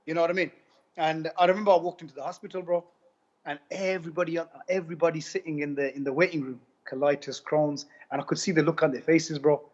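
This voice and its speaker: A man tells his story in a quick, high voice, piling up retold dialogue with "I go" again and again. The recording sounds muffled and lo-fi. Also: little pitch movement, darkish tone. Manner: rapid, repetitive retelling with many "I go" quotes. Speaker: guest giving a testimonial. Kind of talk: animated personal storytelling. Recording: dull lo-fi recording.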